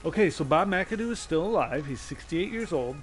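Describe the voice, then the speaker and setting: A man's voice: fairly high pitch, expressive, fairly quick, soft background music. A man streaming a game from his desk at home, rambling playfully and laughing often. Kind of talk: casual let's-play commentary. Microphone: desk mic on a stand.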